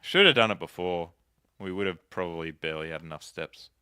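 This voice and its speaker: A man's voice: sits low, fairly quick, pushed and bright, clear, resonant tone, no room sound, clean studio sound. A man giving casual gameplay commentary, chatting and musing aloud to himself as he plays. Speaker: let's play host.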